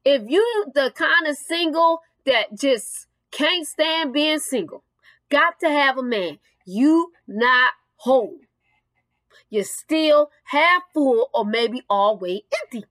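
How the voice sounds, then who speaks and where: High-voiced woman preaching earnestly. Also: expressive, measured pace, pushed and bright, no room sound. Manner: earnest, preachy, addresses singles directly. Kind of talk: sermon.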